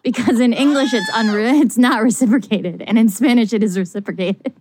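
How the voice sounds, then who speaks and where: A woman chatting casually on a podcast, excited and laughing often, her voice climbing high as she gets worked up. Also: fairly quick, slight background noise. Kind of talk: casual chat.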